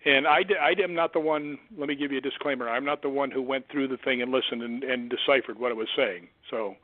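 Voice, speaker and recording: A man, a stuntman guest on an interview show, telling an eerie story in an animated way and acting out the voices of the people he quotes. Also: medium pitch, quick pace. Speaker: guest, stuntman and ghost hunter. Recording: tinny phone line.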